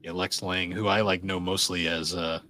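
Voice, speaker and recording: Low-voiced male co-host, loose rambling podcast banter. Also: little pitch movement, normal speed, pushed and bright, a little hiss or hum. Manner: rambling, filler-heavy, laughs often. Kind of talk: casual chat.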